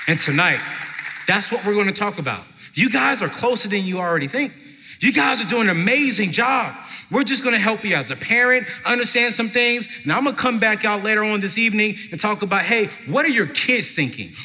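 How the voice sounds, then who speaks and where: A man giving a live inspirational talk to an audience at a parenting event, telling stories emphatically with slow, dramatic pauses. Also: sits high, pushed and bright. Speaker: motivational speaker at a parenting event. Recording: long hall reverb from a live venue.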